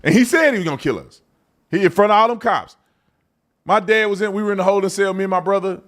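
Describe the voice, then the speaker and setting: A man's voice: high voice, quick pace, a bit bright. A man from Texas with a Texan accent, hosting a live political commentary show in a blunt, mocking, slangy way. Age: adult. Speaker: host.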